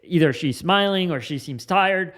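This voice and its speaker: A man with a slightly higher voice explains a communication skill in a relaxed, unscripted way. He restarts sentences often and leans on "like" as he talks through examples. It sounds like an informal coaching talk. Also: normal speed. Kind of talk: casual instructional talk to camera.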